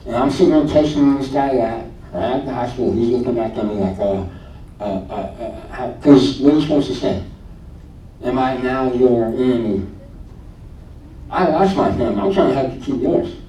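Recorded from a distance in a reverberant room with a slight low rumble, a man in his late twenties recounts his faith story in a dark-toned voice at a moderate pace. He retells conversations chattily, leaning heavily on "I'm like."

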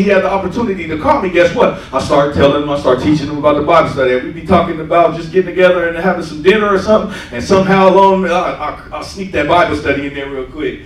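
High-voiced preacher in an echoey church. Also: male voice, recorded from a distance. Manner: call-and-response asides, repeats "right?". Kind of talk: sermon with personal testimony. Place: church sanctuary.

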